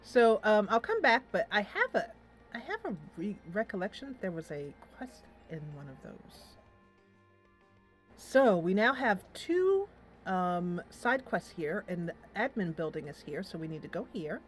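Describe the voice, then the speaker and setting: A woman's voice: mid-range voice, sing-song, a little slow, faint music behind. A woman hosting a game playthrough, chatting and reading the game text aloud. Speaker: gameplay host. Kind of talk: let's play commentary.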